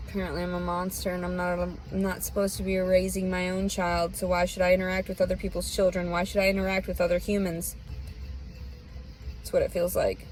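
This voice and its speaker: A woman's voice: lowish voice, monotone, fairly quick, darkish tone, faint music behind, low-quality recording. A woman with a Southern US accent ranting bitterly and profanely in a rambling, unscripted monologue. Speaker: vlogger. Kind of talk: unscripted personal rant.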